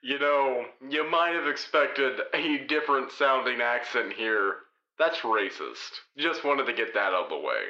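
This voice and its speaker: A man voicing a smug, all-knowing male world leader in a comedy audio sketch, deadpan and self-aware. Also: mid-range voice, measured pace. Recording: echoey muffled room recording.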